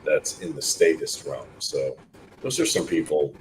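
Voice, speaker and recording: Very deep-voiced man chatting. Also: lively intonation, measured pace, a little hiss or hum, low-quality recording. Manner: rambling, listing examples. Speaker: podcast co-host. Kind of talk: casual discussion.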